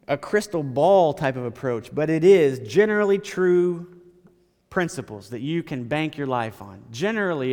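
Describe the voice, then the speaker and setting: Conversational preacher in echoing church. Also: male voice, a little high. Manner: conversational, repetitive phrasing, occasional stammers. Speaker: pastor. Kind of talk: sermon.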